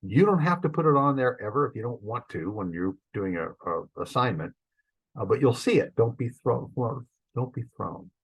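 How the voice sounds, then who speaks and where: A man teaching a Greek grammar class, explaining the rules step by step in a relaxed, informal way with frequent fillers and restarts. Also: mid-range voice, normal speed, breathy edge, poor audio.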